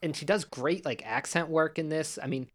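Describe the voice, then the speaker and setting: A man's voice: on the high side, normal speed. A man co-hosting a casual film review podcast, speaking in a wry, offhand way. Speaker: podcast co-host.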